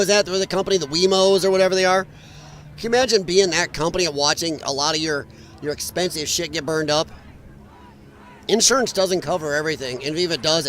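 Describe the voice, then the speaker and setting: Male livestream host, high-pitched voice, blunt, mocking, profane, faint background noise. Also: a bit bright. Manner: rambling with restarts. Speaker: livestream commentator. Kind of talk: live political commentary over protest streams.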